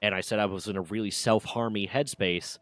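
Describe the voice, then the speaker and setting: A man's voice: on the low side, steady tone, fairly quick, fairly bright tone, no room sound. A man streaming, casually telling a personal story with candid swearing and mock voices for others.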